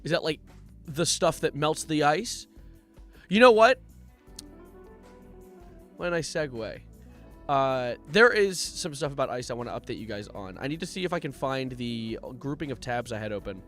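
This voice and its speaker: Bright-voiced joking young male streamer. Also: medium pitch, normal speed, pauses often, faint music behind. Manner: jokey, animated, reads donations aloud. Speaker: live streamer. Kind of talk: casual livestream chat.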